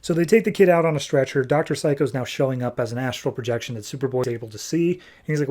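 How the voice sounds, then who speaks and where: A man hosting a comics podcast, recapping an issue in a casual, animated way and nitpicking its mistakes. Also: mid-range voice. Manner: animated, exasperated nitpicking, quick paraphrased dialogue. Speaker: podcast host reviewing comics.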